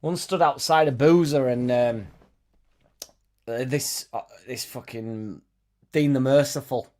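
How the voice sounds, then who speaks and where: A man's voice: mid-range voice, slow, a little mellow. A young man hosting a football fan live stream, chatting loosely and reading out viewers' comments with sweary, joking banter.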